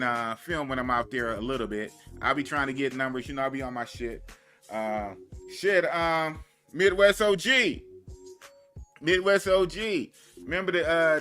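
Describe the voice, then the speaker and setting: Dude with a bright kinda high voice rambling slangy stream talk, faint music behind. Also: male voice. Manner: rambling, slangy, repeats himself. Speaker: travel vlogger. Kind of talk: casual livestream chat.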